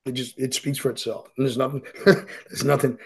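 A middle-aged man tells his story bluntly, swearing freely. His voice is gravelly, with a husky rasp. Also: mid-range voice, level tone, normal speed, rough recording. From Boston. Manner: blunt and heavily profane. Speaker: podcast guest. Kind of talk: candid storytelling interview.

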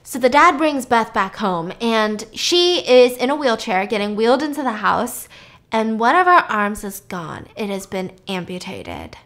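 A young woman casually retelling a movie's plot, chatty and acting out the characters' lines in quick put-on voices. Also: a little high, big pitch swings, a bit bright. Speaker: movie recap host. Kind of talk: casual movie recap storytelling.

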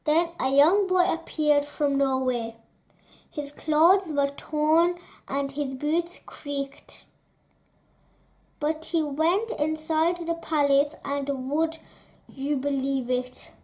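A woman reads a children's story aloud, taking her time over each phrase. Her voice sits high and the delivery is expressive and gentle. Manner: slow, expressive narration. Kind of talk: children's book read-aloud.

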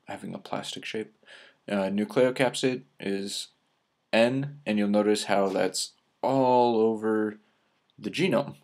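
Gravelly low-voiced man with a Minnesota accent. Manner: relaxed, filler-heavy explaining with frequent "uh"s. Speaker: radio host giving a science lecture. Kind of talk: casual spoken lecture over slides.

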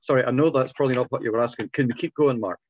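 A man with a hoarse, failing voice, patiently explaining to a club over a video call, often restarting his sentences. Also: medium pitch, racing, no echo, muffled recording. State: hoarse, voice going. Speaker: club speaker. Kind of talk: informal talk answering questions.

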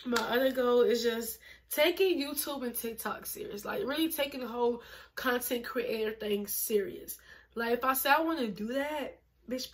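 A woman of twenty, pregnant and a little out of breath, chatting casually to camera as a vlogger, emphatic and full of fillers. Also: a little high. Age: 20s. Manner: chatty, emphatic, uses lots of fillers and laughs.

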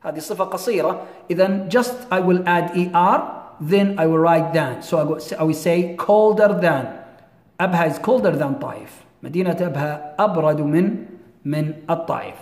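Echoey high-voiced man teaching English grammar. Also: a little mellow. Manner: repeats words slowly, switches between English and Arabic. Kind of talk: classroom grammar lesson. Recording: echoey room with long reverb.

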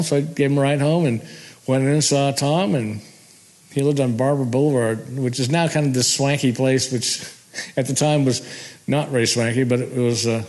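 A man's voice: mid-range voice, a little mellow. A man telling a rambling personal story in a casual way, chuckling now and then. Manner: rambling, laughing, restarts. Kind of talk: casual spoken recollection.

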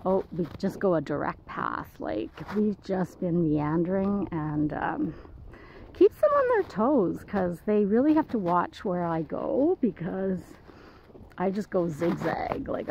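A woman's voice: measured pace, creaky, a little hiss or hum, poor audio. A woman dog sitter talking to the camera on an outdoor trail walk, rambling and chatty. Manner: rambling, chatty, calls dogs in high excited voice. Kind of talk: casual walking vlog.

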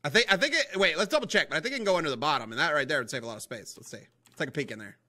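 Excitable young man playing a game. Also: on the high side, very fast. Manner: excitable, rambling, talks to viewers as guys and boys. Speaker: gaming video host. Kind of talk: casual let's-play commentary.

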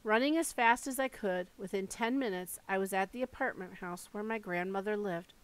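A woman reading a first-person memoir aloud in a steady, measured way. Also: mid-range voice, low-quality recording. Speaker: audiobook reader.

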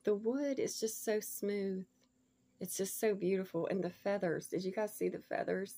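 A woman chatting casually to viewers as she unboxes a gift package, gushing and laughing often, sometimes dropping to soft murmurs. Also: medium pitch, moderate pace. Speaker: vlogger showing a gift package.

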